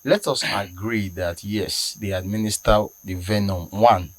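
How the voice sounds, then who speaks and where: A man's voice: fairly low pitch, steady tone, unhurried. Man, Nigerian accent, studio panel discussion, indignant, emphatic. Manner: indignant, emphatic, rising to loud outbursts. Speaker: talk show panelist.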